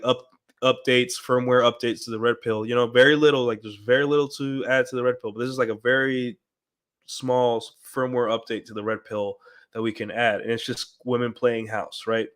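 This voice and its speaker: A man talking straight to his stream audience in a loose, rambling monologue. His voice sits at an ordinary middle pitch, and he leans on fillers and restarts as he goes. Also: fairly bright tone, clear, resonant tone. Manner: rambling, with frequent fillers and acted-out quotes. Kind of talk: casual monologue.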